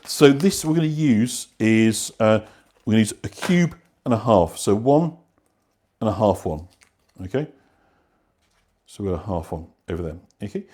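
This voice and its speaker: A man's voice: fairly low pitch, animated, moderate pace, long pauses, darkish tone. A man hosting a live cooking class, rambling casually with fillers while he cooks and answers viewers. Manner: rambling, conversational, many fillers and restarts. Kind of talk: live online cooking demonstration.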